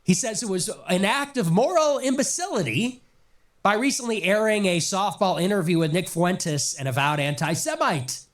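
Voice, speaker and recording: Man, high voice, very lively pitch, sarcastic commentary, mocking, emphatic lists, nagging cough. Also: moderate pace. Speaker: political commentator. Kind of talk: sarcastic political commentary monologue.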